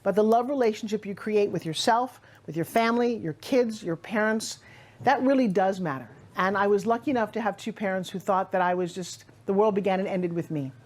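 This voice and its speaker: A middle-aged woman from Long Island with a New York accent gives an energetic motivational talk. Her delivery is emphatic and conversational, as if talking straight to the listener. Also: mid-range voice, a little fast. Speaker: motivational speaker.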